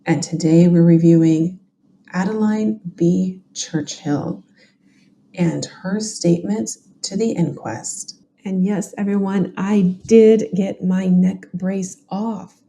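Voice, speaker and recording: A woman's voice: lowish voice, takes it slowly, dark tone, slight background noise. A woman with a Southern US accent hosting a genealogy and true crime show, giving chatty, opinionated commentary on court records.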